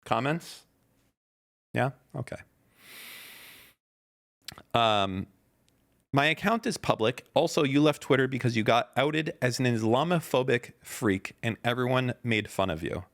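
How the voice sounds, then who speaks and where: A man in his thirties with a gravelly, fry-laden voice, hosting a casual podcast. He reads tweets aloud with dry sarcasm and mocking asides. His pitch sits at an ordinary middle level for a man. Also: animated, measured pace, pauses often, fairly bright tone. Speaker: podcast host reading tweets. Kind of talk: casual reaction chat.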